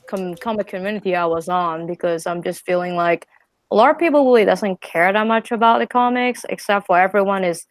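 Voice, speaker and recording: Animated woman. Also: mid-range voice, fairly quick, no room sound. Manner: animated, laughs often, vents. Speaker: podcast guest. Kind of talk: casual chat.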